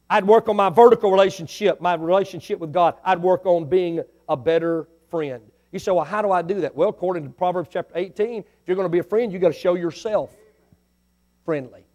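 A middle-aged man, a pastor, preaching a sermon that swells to loud emphatic lines and drops to quiet asides. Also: high voice, brisk.

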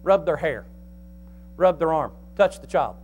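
A man preaching a sermon in a folksy, animated way, swinging between soft asides and loud emphasis. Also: on the high side, measured pace, slightly rough. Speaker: pastor.

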